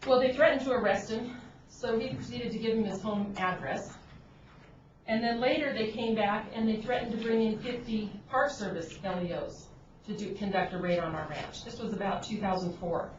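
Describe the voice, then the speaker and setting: A woman's voice: medium pitch, fairly even intonation, normal speed. A woman on an agriculture board giving earnest, pointed, unscripted remarks at a public meeting, with frequent restarts. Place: conference room at a government meeting. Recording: dull, noisy, roomy audio from a distant room mic.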